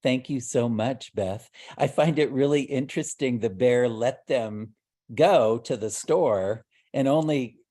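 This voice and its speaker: A man hosting a storytelling event over a video call, thanking the teller in an appreciative way. His voice is mellow and mid-pitched, with a casual tone. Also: a little slow.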